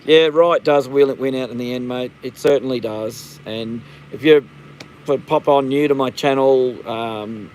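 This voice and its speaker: A man's voice: medium pitch, a little slow, darkish tone, a little hiss or hum, rough recording. An Australian man in his fifties hosting a casual live stream, rambling and blunt, swearing freely. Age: 50s. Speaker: livestream host.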